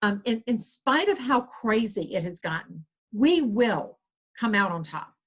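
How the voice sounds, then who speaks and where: A woman's voice: medium pitch, big pitch swings, unhurried. Earnest Southern US woman guest. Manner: earnest, rambling with many restarts. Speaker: guest author. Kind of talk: conversational interview.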